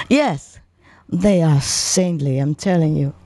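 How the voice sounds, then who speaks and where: A low-pitched woman spiritual teacher chats through stories with her disciples, laughing often. She is heard close and dry. She shows things with her hands as she talks. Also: dark tone, no echo. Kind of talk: casual storytelling talk to disciples.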